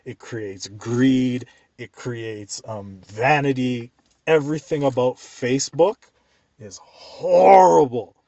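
A man telling a funny work story as a profane, exasperated rant, with animated delivery. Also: mid-range voice, takes it slowly, no echo, muffled recording.

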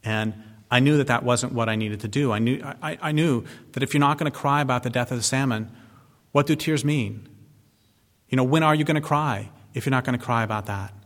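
A man giving an impassioned public talk, blunt and sardonic, swearing freely and slowing down to stress key words. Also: medium pitch, fairly bright tone. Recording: long reverb of a large hall.

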